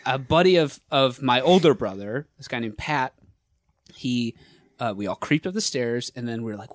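A man's voice: medium pitch, lively intonation, a little fast, dry recording, clean studio sound. A man in casual podcast chat, telling a story with lots of laughter.

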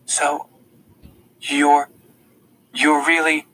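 A man voicing a soft-spoken blind teenage girl. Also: completely flat delivery, extremely slow, exaggerated voice, poor audio. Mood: astonished. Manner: soft, often whispered, higher lilt. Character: blind teenage girl, sharp-tempered, caring.

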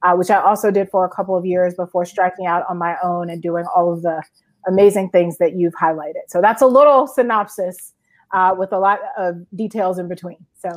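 A woman in her forties from Georgia, recounting her career as an interview guest in a lively storytelling way with frequent fillers. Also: on the low side, fairly quick. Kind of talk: conversational storytelling.

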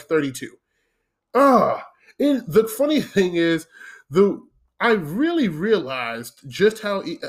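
A man in his twenties ranting casually, swearing freely and checking in with his listeners. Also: fairly high pitch. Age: 20s. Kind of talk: casual comedic rant.

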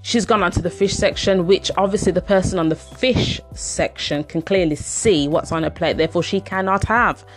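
A chatty woman with a fairly low speaking voice rambles through a casual personal story, using plenty of "um"s. She talks at normal speed with few pauses while soft music plays faintly in the background.

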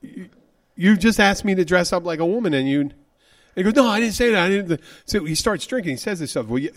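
A man's voice: high voice, fairly quick. A man co-hosting a radio show, telling a long rambling story in casual on-air chat and acting out the quotes. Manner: rambling, animated, acts out quotes.

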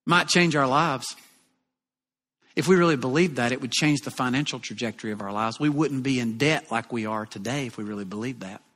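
A man from Alabama with a Southern accent, preaching a sermon in a folksy, animated, jokey way. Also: mid-range voice, brisk. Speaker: pastor. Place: church auditorium. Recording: long reverb of a large church hall.

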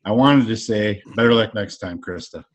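A man's voice: lowish voice, moderate pace, dull audio. A middle-aged man in casual banter, wry and profane, telling a self-deprecating story about a wedding speech.

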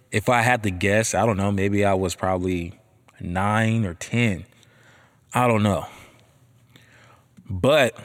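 A man in his thirties hosts a casual monologue in an animated, slangy manner and swears freely. His voice sits at a middle pitch.

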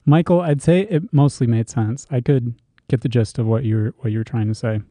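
A man's voice: mid-range voice, moderate pace, mellow, no room sound. A young man co-hosting a podcast, reading listener emails aloud with wry asides. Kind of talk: casual chat.

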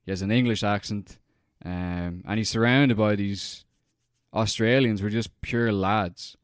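In a casual chat, a young man recounts a film in a rambling, profane way, packing his speech with fillers. His voice sits on the low side, with fairly even intonation and an unhurried pace. The audio is studio quality with no echo.

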